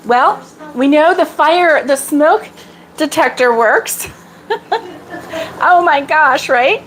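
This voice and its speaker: A woman's voice: high-pitched, takes it slowly, a bit bright, a little hiss or hum. A middle-aged woman hosting a casual live stream from her kitchen at home, chatting in a rambling way with lots of fillers.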